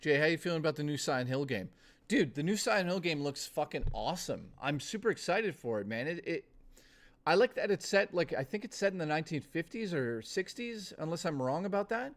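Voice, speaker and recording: A young adult man chatting casually on a live stream, ranting with lots of swearing and quick laughs. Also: on the high side, lively intonation. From Canada.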